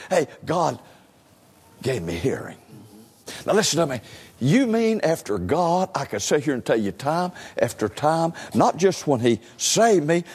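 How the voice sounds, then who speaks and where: Emphatic high-voiced preacher. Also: male voice, breathy edge. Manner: emphatic, repeats "listen" and stammers into phrases. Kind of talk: sermon, telling personal testimony. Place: church sanctuary. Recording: long hall reverb.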